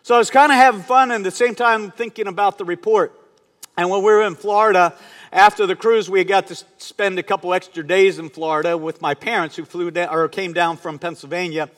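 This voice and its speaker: A man's voice: sits high, fairly even intonation, a little fast, a bit bright. A man in his fifties preaching, telling a personal story in a conversational way and asking the congregation questions. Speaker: pastor. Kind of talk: sermon. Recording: long hall reverb.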